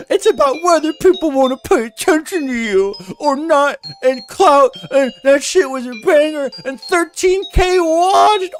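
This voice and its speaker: A woman voicing a self-pitying grown man streamer, wailing and mock-crying in a drawn-out whine. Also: very high-pitched, voice pushed up, heavily acted. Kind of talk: mocking impression in a commentary video.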